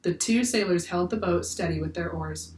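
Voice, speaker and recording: A woman teacher reading a children's book aloud in clear, steady storytelling. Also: fairly low pitch, normal speed, slight background noise. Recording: echoey room, far from the mic.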